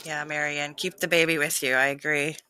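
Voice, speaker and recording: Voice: mid-range voice, flat delivery, brisk, pushed and bright, slight background noise. A co-host on a live paranormal stream, chiming in with short reactions and opinions. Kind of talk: casual chat.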